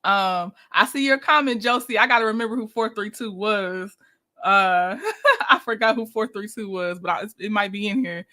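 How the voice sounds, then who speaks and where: A woman's voice: mid-range voice, moderate pace, sharp tone. A woman hosting a casual livestream, chatting with viewers, greeting them by name and laughing often as she reviews a reality show.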